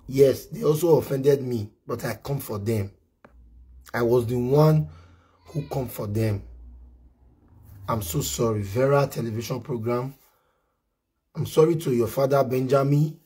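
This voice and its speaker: A man's voice: mid-range voice, measured pace, long pauses, warm tone, husky. A man with a Nigerian accent delivering a pleading, repetitive apology, mixing Pidgin and Yoruba. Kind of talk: apology video monologue.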